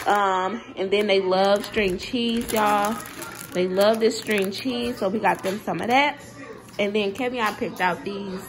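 A woman's voice: mid-range voice, background noise. A woman chatting casually to viewers about her grocery haul, a little sick with a sore throat and runny nose. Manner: chatty, talks straight to viewers, says y'all a lot. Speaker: vlogger.

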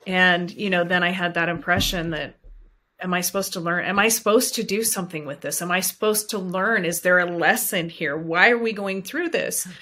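A woman's voice: fairly low pitch, moderate pace, bright, forceful tone. A woman in her forties, a podcast guest, telling a personal story in an earnest, heartfelt way. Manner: earnest, heartfelt, speaks with conviction.

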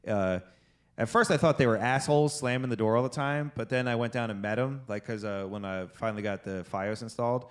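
A man's voice: medium pitch, brisk. A man co-hosting a podcast, chatting casually and swearing a lot as he rambles through stories. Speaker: podcast co-host. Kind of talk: casual chat.

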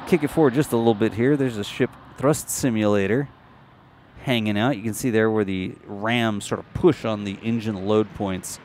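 Guy doing casual voice-over, jokey, thinking out loud, kinda low voice. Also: a little hiss or hum. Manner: chatty, jokey, thinking aloud. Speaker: host narrating launch site footage.

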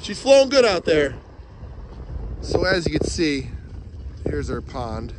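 Excited man filming outdoors by water. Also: fairly high pitch, very noisy. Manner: excited, chatty, narrating as he walks. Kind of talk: casual outdoor vlog commentary. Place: outdoors by a pond and beaver dam. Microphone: handheld phone. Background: rushing water.

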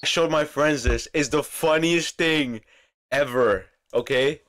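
A young man streaming, reacting to clips with excitable, slangy chatter and frequent laughter. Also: a little high, unhurried. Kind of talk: casual reaction stream chat.

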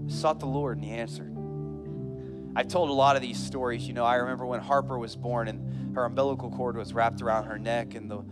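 A male pastor delivering a sermon in a church, swinging from hushed earnest appeals to loud, fervent preaching while a band plays behind him. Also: mid-range voice, fairly even intonation, brisk. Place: church sanctuary. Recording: long hall reverb with band music. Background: live band playing.

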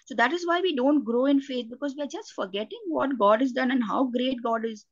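High-voiced Indian woman preaching. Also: fairly quick, no room sound. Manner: earnest, many restarts and fillers. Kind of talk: sermon. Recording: dull lo-fi, dry sound.

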